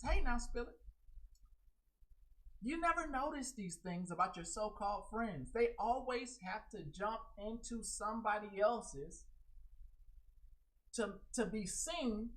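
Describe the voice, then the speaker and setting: Blunt, profane woman ranting on a livestream. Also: poor audio. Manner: blunt, profane, mocking, swings into loud high put-on quotes. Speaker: livestream host. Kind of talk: unscripted livestream rant.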